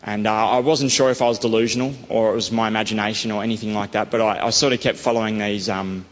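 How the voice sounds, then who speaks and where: A man's voice: lowish voice, steady tone, quick pace. Man, rambling testimony, echoey hall, dull lo-fi mic. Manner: enthusiastic, rambling, frequent "you know" and "um". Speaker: interviewee sharing a faith testimony. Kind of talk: conversational storytelling.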